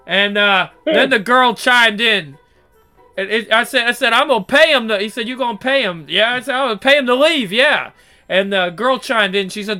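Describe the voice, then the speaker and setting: A man's voice: very high-pitched, moderate pace, pushed and bright, soft background music. A young man telling workplace stories casually, swearing freely and acting out what each person said. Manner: profane, acts out quoted dialogue. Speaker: storyteller. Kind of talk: casual storytelling.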